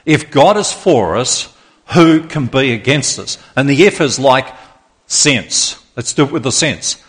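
A male preacher delivering a sermon at an unhurried, deliberate pace. He gives each declaration weight and calls the congregation to repeat key lines with him. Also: mid-range voice, expressive, a bit bright. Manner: slow, emphatic, leads congregation in call-and-response.

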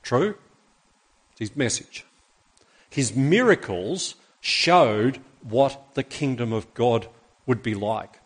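A man's voice: mid-range voice, lively intonation, slow, long pauses. A man preaching a sermon in church, reading Bible passages aloud and putting rhetorical questions to the congregation.

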